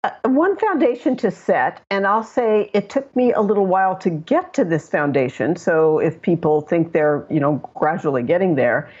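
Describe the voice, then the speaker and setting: A woman's voice: lively intonation, moderate pace, few pauses, a little mellow, breathy edge. An older woman, a psychologist, telling her story in an interview, earnest and often restarting her sentences. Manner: earnest, with frequent restarts and fillers. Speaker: psychologist and regression guide. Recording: muffled low-fidelity audio.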